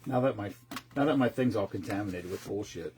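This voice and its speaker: A man's voice: lowish voice, fairly quick, a little mellow, a little hiss or hum. A man in his fifties chatting casually as a host, rambling and swearing, with lots of restarts. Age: 50s. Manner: rambling and profane, with frequent restarts. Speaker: streamer host. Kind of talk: casual chat.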